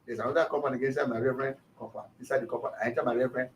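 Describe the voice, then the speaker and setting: A man's voice: mid-range voice, fairly even intonation, very fast, distant mic, slight background noise, poor audio. A Nigerian man, a pastor, animatedly retelling a dispute in an interview, acting out the quotes as he goes. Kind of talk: storytelling interview.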